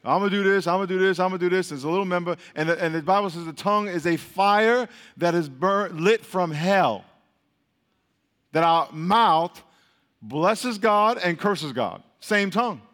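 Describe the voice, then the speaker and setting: A man preaching a sermon, leading the congregation in call-and-response with quick, repeated prompts. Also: sits high, fairly bright tone. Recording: long reverb of a hall.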